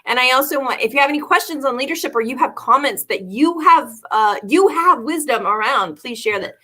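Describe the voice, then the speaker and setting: Bright, chatty woman hosting a livestream. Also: sits high, expressive, a little fast. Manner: chatty, laughs often, addresses viewers directly. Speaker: co-host. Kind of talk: casual livestream talk.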